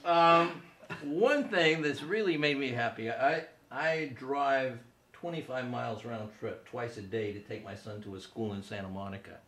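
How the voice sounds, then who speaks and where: A fifty-five-year-old man hosts a comedy show from his living room, talking casually with a bright, forceful tone. The room is echoey, with a faint hum of noise behind him. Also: mid-range voice, moderate pace. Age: 50s. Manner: conversational, self-deprecating, laughs at own jokes. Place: living room with small audience.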